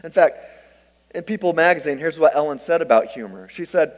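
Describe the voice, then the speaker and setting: Middle-aged man, pastor, animated storytelling sermon, slightly high voice, long hall reverb. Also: a little fast. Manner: animated, self-deprecating storytelling.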